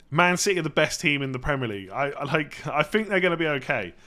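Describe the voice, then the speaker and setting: Brief: male streamer, slightly high and bright, rambling casual Q&A, frequent throat-clearing. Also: expressive, quick pace, hardly any pauses. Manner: chatty, self-correcting, clears throat often. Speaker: fantasy football streamer.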